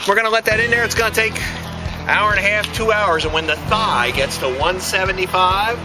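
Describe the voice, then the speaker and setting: A man's voice: high voice, fairly quick, roomy sound, over music, poor audio. A man hosting a casual barbecue cooking demonstration, folksy and joking as he talks straight to viewers outdoors at the grill. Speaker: barbecue cook and show host.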